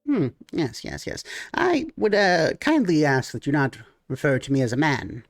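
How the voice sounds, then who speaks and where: A man's voice: a little high, wildly swooping pitch, normal speed, no room sound, studio quality. A man doing a fussy, formal gnome merchant. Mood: courteous. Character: small stout polite male gnome merchant.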